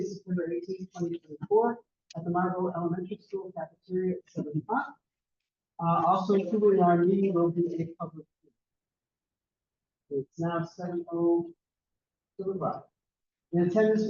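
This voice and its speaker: A man's voice: sits high, dark tone, far from the mic. A man chairing a town board meeting, speaking formally and projecting his voice without a microphone in a school cafeteria. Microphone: far room microphone. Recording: echoey, dull room recording from afar.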